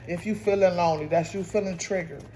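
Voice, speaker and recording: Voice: medium pitch, fairly even intonation, fast talker, warm tone. A tarot reader giving a casual spoken reading, often repeating and restarting phrases while speaking straight to the listeners. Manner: repetitive, restarts phrases, addresses listeners directly.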